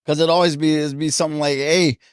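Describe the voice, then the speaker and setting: A man hosting a casual podcast, telling stories in an animated way and laughing often. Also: a little high, rapid-fire, smooth, no echo, studio quality. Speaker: podcast host and boxing gym coach.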